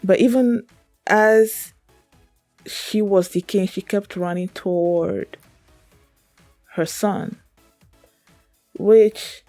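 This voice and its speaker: A woman's voice: lowish voice, warm tone, no room sound. A woman hosting a reaction video, telling a personal story in an earnest, emotional, rambling way with many fillers. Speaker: reaction channel host.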